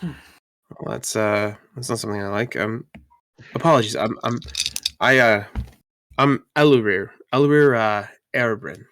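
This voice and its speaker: A man's voice: medium pitch, a little slow, pauses often, a bit bright. A man voicing a nervous, apologetic elf tavern patron who stammers and hesitates. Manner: hesitant, stammering, full of ums.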